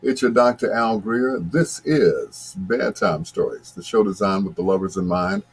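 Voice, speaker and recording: A man's voice: on the low side, a little slow, husky. A man hosting a late-night love-songs radio show, chatting casually and greeting listeners by name. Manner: laid-back, chatty, talks to listeners by name.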